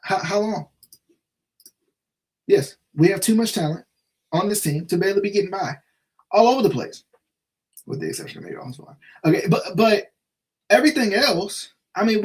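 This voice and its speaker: Man, slightly higher voice, live-stream sports host, casual, frustrated, repetitive, many restarts. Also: darkish tone.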